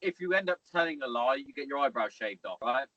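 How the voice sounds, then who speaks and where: Brash, bright-voiced man hosting a podcast. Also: mid-range voice, animated, no room sound, far from the mic, lo-fi sound. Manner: swears freely, quick storytelling. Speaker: podcast host. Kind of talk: casual podcast chat. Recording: faint background noise with clicks.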